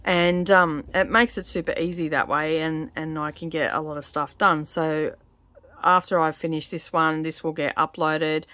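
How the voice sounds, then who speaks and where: A middle-aged Australian woman in her home craft studio, chatting casually while she stitches, her voice a little croaky. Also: sits low, steady tone, moderate pace, pushed and bright, no echo. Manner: rambling, filler-heavy, chatty. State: slightly croaky voice. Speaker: cross-stitch vlogger. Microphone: camera on tripod.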